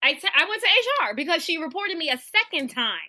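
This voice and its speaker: A woman's voice: very high-pitched, sing-song, fast, pushed and bright. A young woman co-hosting a podcast, telling a work story in casual chat and swearing freely. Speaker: podcast co-host.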